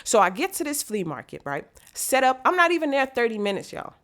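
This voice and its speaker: Woman w/ storytelling, animated, does all the voices. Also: a little high, brisk. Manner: animated, acts out quotes. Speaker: vlogger.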